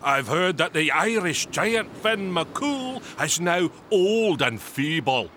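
A blustering, taunting male giant from a children's storybook, booming his challenges, as a woman reading aloud puts him on. The voice swings widely up and down, with a bright, forceful edge, and a faint hiss sits behind it. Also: big pitch swings, slow, heavily acted. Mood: boastful. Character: boastful huge male Scottish giant.

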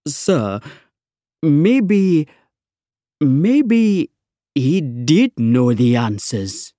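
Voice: mid-range voice, no echo, studio quality, close to an everyday voice. A reader doing a timid, hesitant constable. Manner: hesitant, slow. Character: nervous, timid male police constable.

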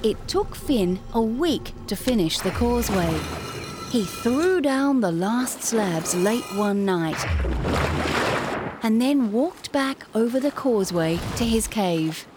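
A woman narrating a children's read-along storybook, with clear, expressive delivery. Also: a little high, background noise. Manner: slow and clearly paced, expressive.

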